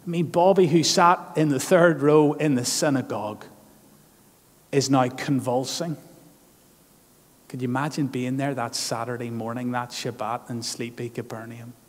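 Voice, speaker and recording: A man's voice: medium pitch, steady tone, moderate pace. A man preaching a sermon as pastor, earnest and emphatic, leaning on repeated phrases. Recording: long hall reverb.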